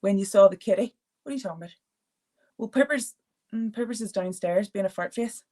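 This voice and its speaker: A woman from the UK hosts an art therapy session live online. She talks in an easy, chatty way, laughs freely, and answers viewers' comments as they appear. Her voice sits at a medium pitch. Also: a little fast, dark tone. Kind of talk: casual live-stream chat.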